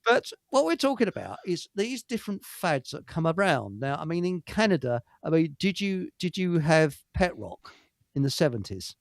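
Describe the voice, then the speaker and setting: Lively rambling man hosting a chat stream. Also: fairly high pitch, normal speed, vocal fry, dry recording. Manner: rambling, hesitant storyteller with many fillers. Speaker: host. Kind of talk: casual live-stream chat.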